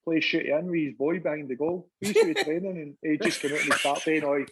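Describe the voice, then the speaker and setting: A Scottish man sits in on a casual podcast chat, spinning his anecdotes with energy and plenty of swearing. His voice sits a little higher than most men's. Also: fast talker, noisy background. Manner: animated storytelling, swearing, laughs often. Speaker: podcast guest, former goalkeeper.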